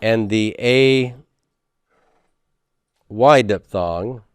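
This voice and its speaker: A man's voice: fairly low pitch, extremely slow, clear, resonant tone, no room sound, studio quality. A man teaching a Hebrew grammar lecture, patiently repeating words and checking in with "okay?".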